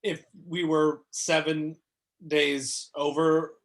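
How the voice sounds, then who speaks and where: Partner with a very deep voice, dry and teasing, chiming in casually. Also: female voice, level tone, takes it slowly. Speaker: partner of expectant mother. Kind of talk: casual conversation.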